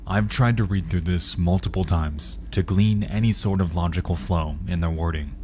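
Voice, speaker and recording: A man giving a measured, ominous scripted narration for an internet mystery video. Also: low-pitched, a little mellow, slight background noise.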